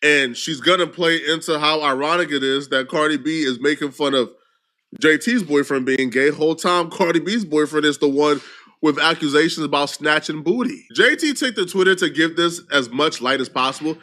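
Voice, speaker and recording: A man's voice: a little high, normal speed, bright, forceful tone. A man hosting casual commentary on celebrity gossip, wry, reading out posts and asking "okay?". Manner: wry, reads out quotes, asks "okay?". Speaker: host.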